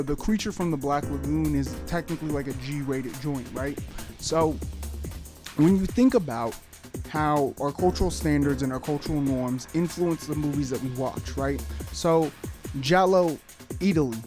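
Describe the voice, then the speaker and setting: A man's voice: on the high side, a little mellow. A man giving a casual video essay as a YouTuber, joking and rambling with lots of fillers and swearing.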